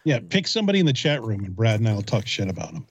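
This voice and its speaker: A man's voice: lowish voice, big pitch swings, very fast, muffled recording, crowd noise. A man co-hosting a casual comedy show, joking crudely and sarcastically. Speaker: podcast co-host.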